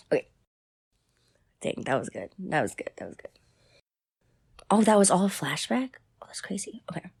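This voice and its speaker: A young woman mutters and jokes her way through a script. Her voice is low and gravelly yet swoops all over the place, recorded dry and close. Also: a little mellow, no echo. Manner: goofy, rambling, mock-dramatic. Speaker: voice actor. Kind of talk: casual commentary while reading a script.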